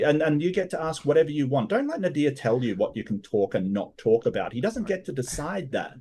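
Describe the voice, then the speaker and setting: A man rebutting in a debate, animated and joking. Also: fairly high pitch, a little fast, few pauses, slightly rough.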